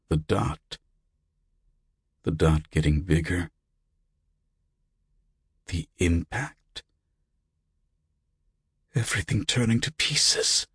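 Male audiobook narrator, deep and unhurried, close dry mic. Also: slightly rough, no room sound.

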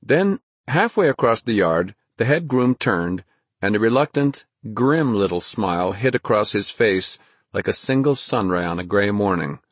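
Guy reading a storybook, low husky voice, dry close mic. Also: lively intonation, normal speed, dry recording. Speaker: narrator. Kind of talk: audiobook narration.

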